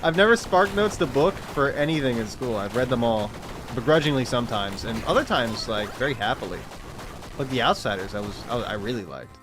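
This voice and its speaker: A young man chats loosely as he plays, with a mid-pitched voice. He wanders from thought to thought, swears without care and laughs often. Soft music plays quietly underneath. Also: lively intonation, a little fast. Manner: rambling, profane, laughs often. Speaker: streamer. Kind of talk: casual gaming chat.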